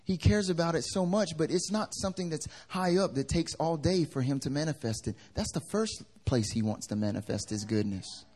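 A young man preaching a sermon in a slightly raised voice. He swings between loud bursts and hushed asides. He acts out the people in his stories as he tells them. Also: fairly high pitch, lively intonation, brisk. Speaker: pastor.

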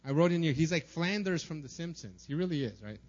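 A young man with a slightly raised pitch delivers a sermon to his church in a casual, conversational way, leaning on fillers and asking "right?" again and again. The recording is muffled and lo-fi. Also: expressive, brisk. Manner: casual, filler-heavy preaching with many "right?" and "like". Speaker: pastor.

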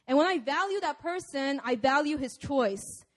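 A young woman delivers a sermon with a bright, high voice. She talks in a loose, conversational way and laughs easily between points. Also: expressive, moderate pace. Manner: casual and conversational, laughs often. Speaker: preacher.

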